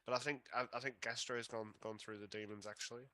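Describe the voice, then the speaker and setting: Bright-voiced Australian man, easygoing. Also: mid-range voice, flat delivery, fast talker. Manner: brief replies, easygoing. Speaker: podcast co-host. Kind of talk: casual chat.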